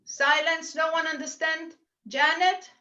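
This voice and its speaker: High bright medium over dull video-call audio. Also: female voice, fairly even intonation, measured pace. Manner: earnest, relays messages in quoted speech. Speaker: spiritualist medium. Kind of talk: mediumship reading at a church service.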